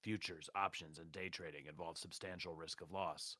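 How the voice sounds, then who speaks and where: A deep-voiced man reads a legal disclaimer flatly and formally. His voice is husky but bright-edged, and the recording is close and dry. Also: normal speed, no echo. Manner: flat, formal reading. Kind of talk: read disclaimer.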